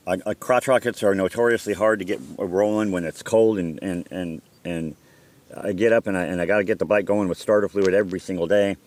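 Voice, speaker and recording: Middle-aged man, low-pitched, casual storyteller who swears and acts out dialogue; dry, close recording. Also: darkish tone, no echo. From Southern California. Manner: rambling, profane, restarts and quoted dialogue. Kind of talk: casual first-person storytelling.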